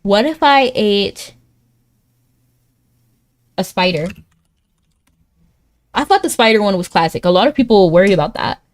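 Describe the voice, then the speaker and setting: Playing a word game on a live stream, a woman talks through her thoughts in a casual, measured way with long pauses. She laughs frequently, and her pitch leaps up whenever excitement hits.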